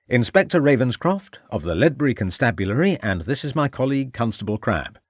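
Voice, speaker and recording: A man's voice: mid-range voice, very animated, a little fast, no room sound, clean studio sound, voice pushed up. A man voicing a formal, insistent police inspector in a crime audiobook. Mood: probing. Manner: formal, precise, insistent questioning. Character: sharp, probing male police inspector.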